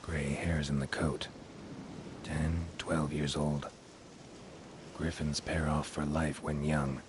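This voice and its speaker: A gruff middle-aged monster hunter in a video game, his voice extremely deep and flat. He talks in clipped, matter-of-fact fragments, cool and terse. Loud background noise runs under the game audio. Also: slow. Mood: terse analytical. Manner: clipped, matter-of-fact, dropping subjects from sentences.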